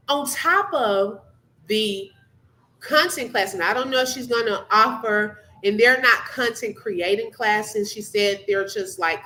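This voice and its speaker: A woman's voice: mid-range voice, pushed and bright, rough recording. A woman hosting a live reaction stream, chatting casually and thanking viewers by name. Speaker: livestream host.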